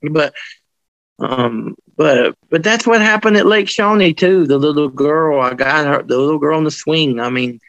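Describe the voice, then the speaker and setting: Gravelly man, rambling and animated. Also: a little high, moderate pace, no room sound, dull audio. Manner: rambling, with many restarts and colloquial grammar; animated when telling stories. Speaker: interviewee, paranormal investigator. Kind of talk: casual storytelling interview.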